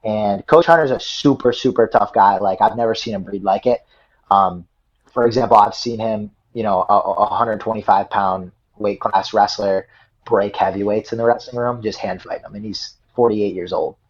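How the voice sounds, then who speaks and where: A man's voice: lowish voice, moderate pace. A young man, a wrestler guest, telling a story casually and rambling, with many fillers and repeated words. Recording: dull lo-fi audio.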